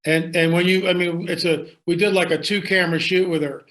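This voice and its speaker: A man's voice: high voice, fairly even intonation, fairly quick, fairly bright tone. A man telling a story in conversation, emphatic and dramatic, repeating lines for effect. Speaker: guest storyteller.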